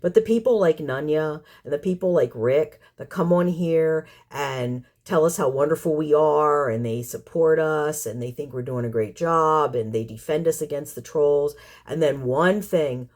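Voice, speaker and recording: A woman's voice: deep voice, normal speed, hardly any pauses, a little mellow. Casting note: woman vlogger, fed-up and sarcastic, rambles and repeats herself while venting at her viewers. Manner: exasperated, sarcastic, full of rhetorical questions. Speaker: community cat caretaker and channel host. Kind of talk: vlog rant to viewers.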